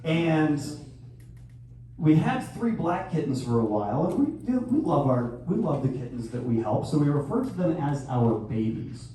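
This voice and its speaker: A man in his thirties doing a crude stand-up comedy set with sudden loud outbursts. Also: on the high side, big pitch swings, unhurried. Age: 30s. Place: live venue hall. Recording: echoey hall from far off, faint noise.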